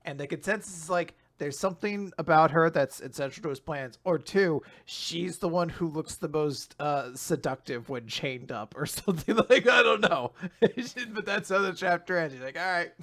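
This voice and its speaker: Male podcast co-host, fairly high and bright voice, casual and laughing, quotes scenes with sweary asides. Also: expressive, normal speed. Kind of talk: casual chat.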